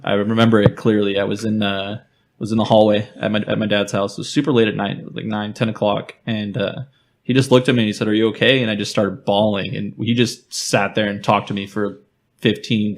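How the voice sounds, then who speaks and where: A man's voice: on the low side, gravelly. A man co-hosting a podcast, telling a personal story candidly with rambling asides and fillers. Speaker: podcast co-host. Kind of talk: casual chat.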